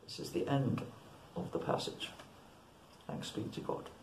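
A woman reading a Bible passage aloud in a church, careful and deliberate. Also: darkish tone, a little hiss or hum. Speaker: scripture reader. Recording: echoey church room.

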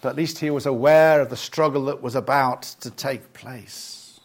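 An older man preaching a sermon in a reflective, halting way, with many restarts and lists spoken slowly and softly. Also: mid-range voice, fairly even intonation, a little hiss or hum. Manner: leads the congregation through lists in a soft slow voice.

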